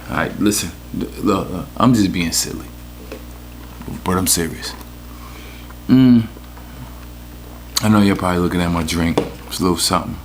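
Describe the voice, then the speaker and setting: Profane New York man, low voice. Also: a little hiss or hum. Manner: profane, rambling, joking storyteller. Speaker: podcast host. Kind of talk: casual comedic rant.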